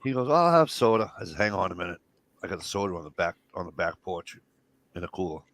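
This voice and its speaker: A man's voice: low-pitched, fairly even intonation, fast, creaky, fairly bright tone, no echo. A middle-aged man, telling rambling, profane stories and acting out the dialogue. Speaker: podcast co-host. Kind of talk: casual storytelling chat.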